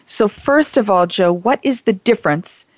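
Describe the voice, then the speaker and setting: A woman's voice: mid-range voice, expressive, moderate pace, no room sound, muffled recording. A woman hosting a radio talk show, effusive and enthusiastic as she reads giveaway details and questions her guest.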